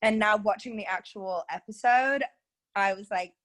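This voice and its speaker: A woman's voice: mid-range voice, normal speed. A young woman from England with an accent that mixes British and Los Angeles speech, chatting casually as an interview guest, full of "like" and "you know". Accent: mix of British and Los Angeles. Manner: chatty, many "like" and "you know" fillers, lively. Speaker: interview guest, reality show contestant. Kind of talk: casual chat.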